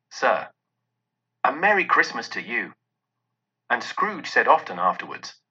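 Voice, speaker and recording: A man narrating a classic story in a lively, expressive way. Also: medium pitch, breathy edge, dull audio.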